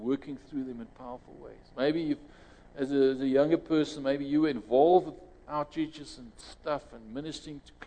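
A South African man preaching in an easy, conversational way, circling back on his phrases and jumping up in pitch when he voices other people. His tone is dark and mellow. A long hall reverb trails behind every word. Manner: conversational, restarts phrases, rises sharply when quoting others. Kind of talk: sermon with closing prayer.

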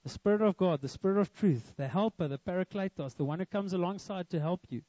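A man's voice: sits high, quick pace, dark tone, no echo, lo-fi sound. A young man preaching a sermon, earnest and emphatic, with a lot of repetition. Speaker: pastor.

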